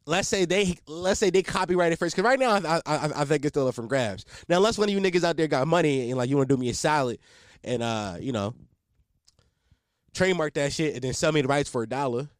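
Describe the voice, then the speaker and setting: A man's voice: on the high side, lively intonation, quick pace, dry recording, studio quality. A man in his twenties hosting his own podcast, talking casually in a rambling, profane way with many restarts. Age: 20s. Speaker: podcast host. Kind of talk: casual solo podcast chat. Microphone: close podcast mic in a home setup.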